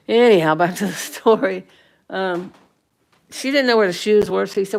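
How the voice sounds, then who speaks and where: A woman's voice: mid-range voice, normal speed, vocal fry. A woman in her sixties chatting casually to viewers on a livestream, rambling and chatty, full of fillers and restarts. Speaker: livestream host.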